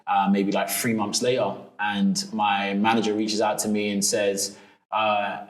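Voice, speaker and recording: A man with a fairly low voice, a guest telling a story with energy and playing out each quoted line. The room sounds echoing and open. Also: unhurried. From England. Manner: animated storyteller, acts out quotes. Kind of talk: storytelling in an interview. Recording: roomy echo.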